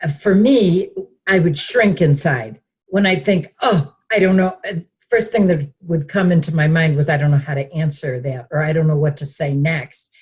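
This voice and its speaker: A woman's voice: low-pitched, normal speed, a little mellow, breathy edge. A woman guest in a conversational interview, reflective and hesitant, with frequent fillers.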